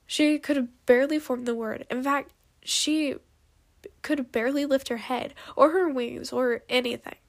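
Woman narrator, amateur storybook reading, unhurried, small slips, slightly high voice. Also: steady tone, creaky.

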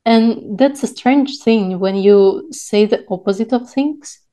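A woman co-hosting a podcast, speaking in a measured, reflective way in casual chat. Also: fairly high pitch, dark tone. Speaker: podcast co-host.

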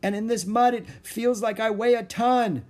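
A man voicing a bold, excitable young girl adventurer in a storybook reading, loud and shouty. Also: high voice, normal speed, voice pushed up, close to an everyday voice. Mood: chatty.

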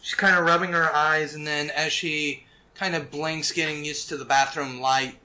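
Bright, crisp voice running an rpg scene, chill and descriptive. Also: medium pitch, normal speed, a little hiss or hum. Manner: relaxed, descriptive, fillers like kinda. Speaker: game master. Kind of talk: improvised game narration.

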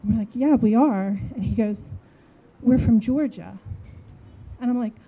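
A woman in her forties from New Jersey, telling a funny story in a casual, animated way and acting out the dialogue. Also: a little high, measured pace, muffled recording. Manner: animated, acts out dialogue, laughs while telling.

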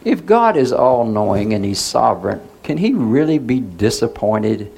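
A man's voice: mid-range voice, sing-song, moderate pace, vocal fry, darkish tone, breathy edge. A male pastor preaching in a conversational way, asking the congregation questions and waiting for answers. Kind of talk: sermon.

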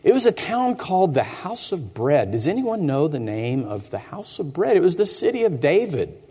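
In an echoey church hall within the sanctuary, a pastor with a high, lively voice acts out a first-person story for children. His moderate pace carries a breathy edge, and he theatrically lowers to a hush and puts questions to the children.

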